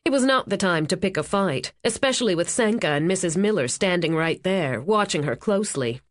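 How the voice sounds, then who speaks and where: A woman narrating a thriller audiobook in an even, steady storytelling manner on a close studio mic. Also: fairly low pitch, fairly quick, no echo.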